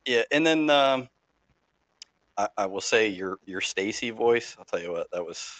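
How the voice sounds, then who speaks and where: A man's voice: on the low side, lively intonation, normal speed, fairly bright tone, no room sound, poor audio. A man hosting a podcast, giving a candid, laid-back opinion with casual repeats. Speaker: podcast host. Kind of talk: casual chat.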